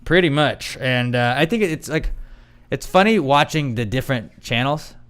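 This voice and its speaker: A young man co-hosts a podcast in easy, joking banter. His voice sounds smooth and resonant at a middling pitch. Now and then he bursts into loud mock-outraged impressions. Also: animated, normal speed. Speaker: podcast co-host. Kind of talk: casual comedic banter.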